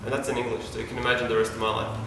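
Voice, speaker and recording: Before a live audience in an event hall, a man from Yugoslavia tells a personal story candidly and casually, tossing in self-deprecating asides. He races along in a medium-pitched, flat voice, recorded from far off in the echoey hall with background noise.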